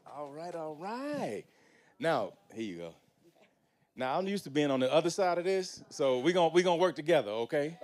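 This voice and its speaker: A man hosting a live panel, introducing guests with energetic, preacher-like hype and casual slang. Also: fairly high pitch, normal speed. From United States. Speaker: panel host.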